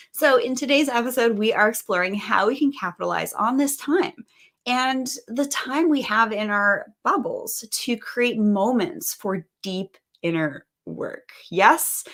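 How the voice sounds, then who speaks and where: Earnest, upbeat woman podcast host. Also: mid-range voice. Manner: earnest, upbeat, lively emphasis. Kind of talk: hosted interview podcast.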